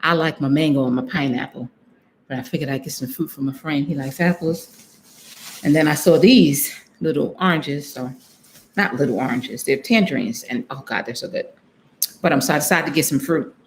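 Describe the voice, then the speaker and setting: A woman's voice: deep voice, moderate pace, a little hiss or hum. Chatty woman telling a travel story live. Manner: chatty, laughs often, acts out her own lines; talks straight to viewers. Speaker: vlogger on a live stream. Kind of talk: casual live-stream storytelling.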